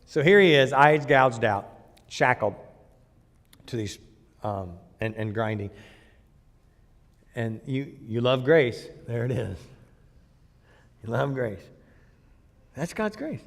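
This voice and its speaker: A man preaching a sermon in a blunt, emphatic way, swinging between loud bursts and quiet asides. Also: mid-range voice, lively intonation, takes it slowly, pauses often, big-room sound. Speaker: pastor.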